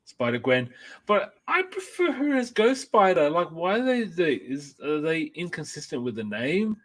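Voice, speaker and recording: A man's voice: a little high, huge pitch swings, normal speed. A man co-hosting a casual chat about comics and films, rambling and enthusiastic with many restarts. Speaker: podcast co-host.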